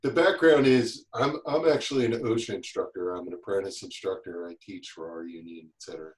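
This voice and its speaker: Low-voiced rambling man, roomy sound. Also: a little fast. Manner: rambling, restarts often. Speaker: guest, safety instructor. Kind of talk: casual chat.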